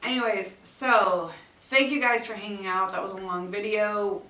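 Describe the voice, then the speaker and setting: A woman's voice: mid-range voice, fairly even intonation, moderate pace, bright, forceful tone, far from the mic. Middle-aged woman, casual reviewer, blunt and chatty, set back from the mic in a roomy echo. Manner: chatty, blunt, exasperated asides. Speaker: beauty vlogger. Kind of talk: casual product review chat.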